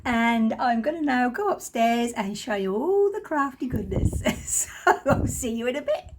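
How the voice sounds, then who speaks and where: A woman from southeast England chatting casually on a craft vlog, slightly croaky, rambling and laughing often. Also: on the high side, expressive, normal speed. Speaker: craft podcaster.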